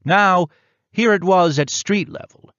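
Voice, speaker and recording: A man reading a first-person audiobook in a measured, reflective way. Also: high voice, a bit bright, clear, resonant tone, no room sound, muffled recording. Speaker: audiobook narrator.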